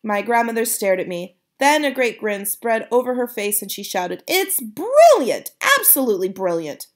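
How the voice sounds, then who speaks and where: A woman reading a children's book aloud, with a relaxed, casual sign-off. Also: fairly high pitch, normal speed. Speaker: storybook reader.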